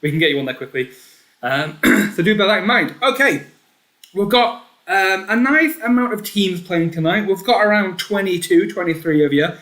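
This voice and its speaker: A man hosting a live online pub quiz, chatty, reading each question and its options twice and often clearing his throat. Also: high-pitched, lively intonation, moderate pace, sharp tone. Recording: echoey room.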